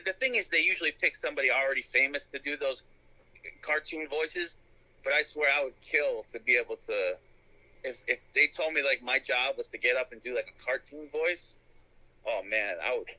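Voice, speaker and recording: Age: adult. Sex: man. Role: podcast host. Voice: very bright. Style: casual chat. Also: medium pitch, fairly quick, poor audio. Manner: enthusiastic, rambling with restarts.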